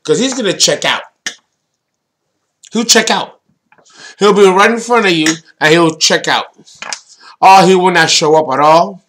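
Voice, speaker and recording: Slow, high-voiced man lecturing on astrology. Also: a bit bright, slight background noise. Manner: deliberate, emphatic, blunt with casual swearing. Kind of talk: solo astrology talk.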